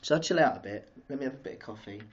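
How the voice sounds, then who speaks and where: An excitable man talks to his viewers on a live stream, bursting with energy and wandering off topic. His voice sits at an ordinary pitch for a man. The sound is dull and lo-fi, like a streaming device mic. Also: rapid-fire, husky. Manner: excitable, chatty, greets viewers and goes off topic. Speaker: vlogger hosting a live stream. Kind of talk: casual live-stream chat.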